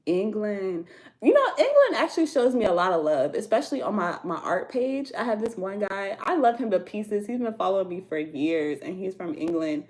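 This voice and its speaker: A woman's voice: medium pitch, very animated, normal speed, a little mellow. An American woman hosting a casual tarot livestream from home, chatting with viewers in loose slangy talk and laughing often. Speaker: tarot reader livestream host.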